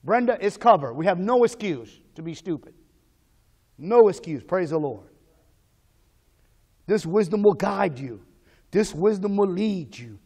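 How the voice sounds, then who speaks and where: High-voiced man preaching with fervor. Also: lively intonation, unhurried, long pauses, breathy edge. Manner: call-and-response preaching, swings from hushed prayer to loud exhortation. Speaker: pastor. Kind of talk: sermon.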